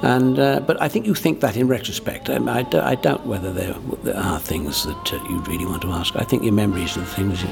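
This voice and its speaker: A man being interviewed about his work, talking in a halting way that keeps doubling back on itself. His voice has a gravelly rasp at a middling pitch. Faint music sits under the conversation. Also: huge pitch swings. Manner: halting, full of restarts and fillers. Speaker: guest, impressionist performer.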